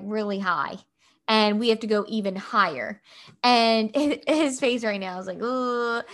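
A woman in her thirties, a mother, telling a family story in casual chat, filling her speech with "like" as she goes. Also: medium pitch. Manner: animated, fills speech with "like".

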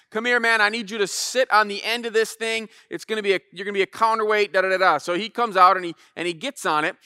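A man, a pastor in his thirties, telling a casual, animated sermon story and acting out voices. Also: high voice, smooth, no room sound, studio quality.

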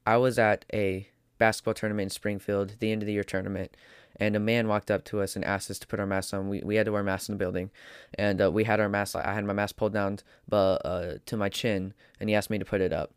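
A man's voice: fairly low pitch, level tone, fast, smooth, no echo, studio quality. A man delivering an opinion monologue as a podcast host, emphatic and preachy, hammering points through repetition.

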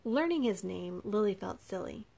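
A woman narrating an audiobook in an even, measured storytelling manner. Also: mid-range voice, gravelly. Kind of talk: scripted narration.

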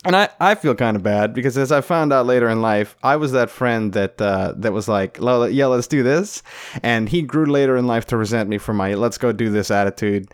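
A young adult man from Florida telling a comic story, animated and profane, laughing often. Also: mid-range voice, brisk, few pauses, clean tone. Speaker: comedian. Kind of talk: comedic storytelling.

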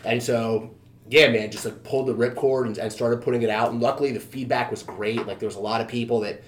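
A man's voice: mid-range voice, steady tone, quick pace, slight background noise. A man in his thirties, a fitness trainer and podcast guest, telling his own story in a candid, casual way, full of fillers and easy swearing.

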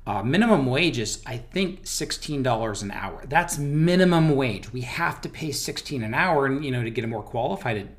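An American man hosting a business interview, animated and full of restarts, leaning hard on stressed words. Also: medium pitch, moderate pace, few pauses. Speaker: business owner and host. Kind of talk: conversational interview.

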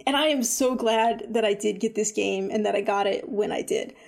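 A woman chatting casually about a game she has been playing, full of "like" and "um", animated when she retells her own reactions. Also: medium pitch, normal speed, gravelly. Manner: chatty, lots of fillers like "like" and "um". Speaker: video game reviewer. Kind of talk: casual chat.

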